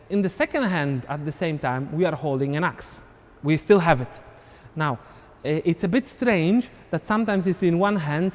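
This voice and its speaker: A man's voice: on the high side, big-room sound. A man teaching a live online dance class, counting beats and scatting the steps aloud as he demonstrates. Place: dance studio.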